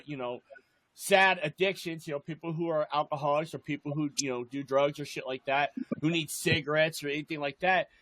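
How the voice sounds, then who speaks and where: A man's voice: on the high side, fairly bright tone, no room sound. A young man telling a rambling, swear-heavy story in casual chat as a podcast co-host.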